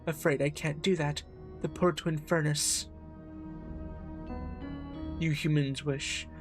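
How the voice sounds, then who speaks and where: A cruel female demon, read by a man taunts her former lover in a game. Her talk is mocking and slow to show mercy. Faint music plays behind the voice. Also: on the high side, flat delivery. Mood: taunting.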